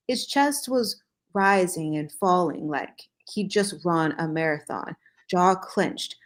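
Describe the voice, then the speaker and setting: A woman hosting a show, reading a fan fiction story aloud in a slow, dramatic way and breaking off for joking asides. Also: fairly low pitch.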